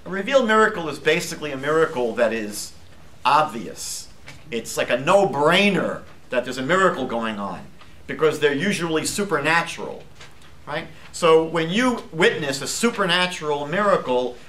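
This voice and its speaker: A man teaching a live class as a rabbi, lively and chatty, posing questions to the group. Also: a little high, normal speed. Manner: lively, asks the class questions, jokes lightly.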